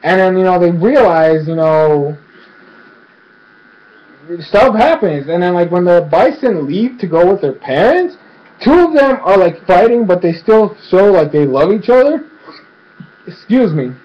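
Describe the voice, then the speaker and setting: A man's voice: sits high, very animated, unhurried, dull audio. A man casually recapping a cartoon episode, rambling with lots of fillers and acting out the characters' lines. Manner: rambling, filler-heavy, acts out quotes.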